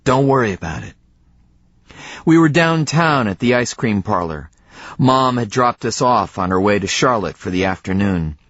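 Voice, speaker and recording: A man narrating a novel in the first person, measured, with dramatic pauses, in a dry, slightly dull audiobook recording. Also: on the low side, expressive, a bit bright, no echo.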